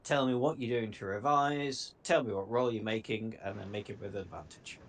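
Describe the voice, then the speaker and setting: A man's voice: lowish voice, normal speed, a bit bright, slight background noise. Easygoing northern English game master, man. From northern England. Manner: easygoing, laughs often. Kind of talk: running a tabletop game.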